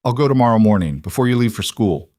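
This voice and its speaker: A quietly protective cowboy rancher, voiced by a man reading a story. He talks plainly and firmly, in a low, measured voice. The recording is dry and close. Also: animated, no room sound, close to an everyday voice. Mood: resolved. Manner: measured, firm, plain-spoken.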